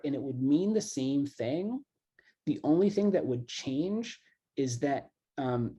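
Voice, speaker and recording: A man's voice: medium pitch, mellow, breathy edge. A middle-aged man, a classics professor, explaining grammar casually in an online lecture, loose and chatty with lots of "um" and "kind of".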